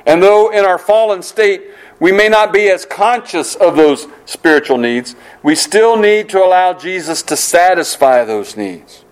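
Earnest preacher, fairly high voice. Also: male voice, animated, clear, resonant tone, rough recording. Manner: earnest, repetitive preaching with emphatic slow phrases. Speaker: pastor. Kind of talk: sermon.

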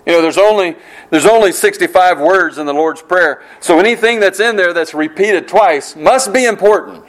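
A man preaching a sermon, earnest and repetitive, slowing down on key phrases for emphasis. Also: sits high, rough recording. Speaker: pastor.

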